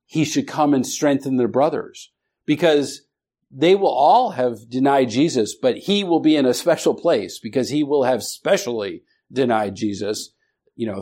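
A man teaching a Bible study class, speaking haltingly with many restarts and questions to the students. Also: medium pitch, a little mellow.

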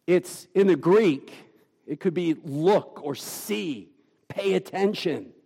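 Gravelly, slow-preaching man. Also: high voice, warm tone, big-room sound. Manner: emphatic, deliberate preaching with dramatic pauses. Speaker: pastor. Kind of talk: sermon.

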